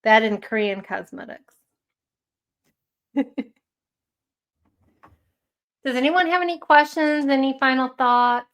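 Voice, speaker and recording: Slow, gravelly woman with a Chicago accent. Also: high-pitched. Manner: chatty, rambling with many fillers. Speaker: livestream host. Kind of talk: casual livestream chat.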